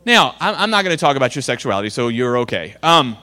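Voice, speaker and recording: Preaching to students in a school chapel, a middle-aged man who is a youth pastor and guest speaker talks earnestly and directly, tossing in sarcastic asides. His mid-range voice is very animated, quick, pushed, and bright, echoing in a large hall.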